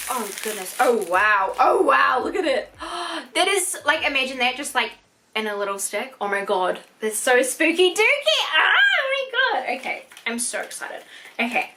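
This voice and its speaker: A young woman, gushing excitedly as she unboxes products for her vlog. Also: on the high side, a little hiss or hum. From New Zealand. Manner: gushing, excitable, swears casually. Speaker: beauty vlogger.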